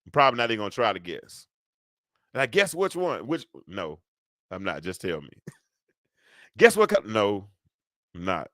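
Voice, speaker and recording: A man in his fifties hosts a live call-in show in a rambling, animated way, with a bright, forceful tone. The sound is close and dry, with almost no room around it. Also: lowish voice, moderate pace, pauses often, no room sound. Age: 50s. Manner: rambling, animated, talks back to callers and chat. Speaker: show host.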